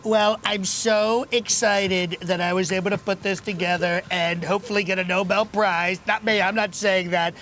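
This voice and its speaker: A bragging, rambling president blusters through superlative after superlative in a high, bright voice, as a man does the impression. His pitch sits well above the usual male range and the tone is sharp and forward, with a faint hiss of noise behind. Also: steady tone, normal speed, few pauses. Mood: boastful. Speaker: impersonator.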